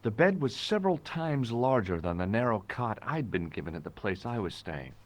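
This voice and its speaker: A detective narrator in a video game, telling his story in the first person with dry, measured observations. His lowish voice rises and falls in a lively way. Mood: even.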